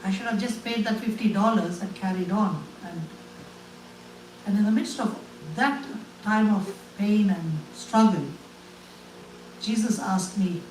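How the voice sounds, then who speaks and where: A man tells his own story to a crowd in an earnest, halting way, often restarting his sentences. His voice rings around a reverberant room and sits well back from the microphone. A faint hum of ambience runs underneath. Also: high-pitched, a little mellow, far from the mic. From India. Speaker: guest speaker. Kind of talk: personal testimony to an audience.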